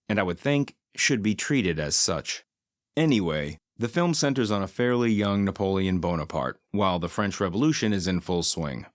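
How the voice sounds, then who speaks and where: A man with a low voice delivers a scripted film review, full of deadpan, sardonic asides. He slows down to hammer home his key points. The sound is dry and close, with no room around it. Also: dry recording.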